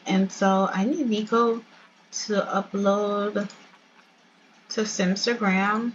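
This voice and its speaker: A woman's voice: mid-range voice, steady tone, slow, pauses often, muffled recording, a little hiss or hum. A young woman casually narrating her life-sim let's play, chatty and storytelling. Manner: chatty, storytelling, laughs often.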